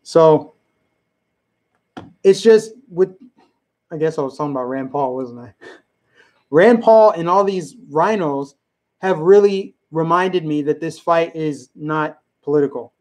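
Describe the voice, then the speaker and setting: A man with a fairly high voice hosts a live political commentary stream. He hammers his points home emphatically and keeps repeating them. Between points he talks directly to the people in his chat. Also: measured pace, long pauses, darkish tone. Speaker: livestream host.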